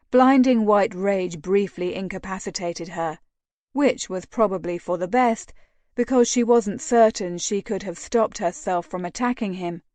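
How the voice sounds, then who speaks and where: Woman audiobook narrator, measured and slow, dry sound. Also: mid-range voice, darkish tone, dry recording. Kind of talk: scripted narration.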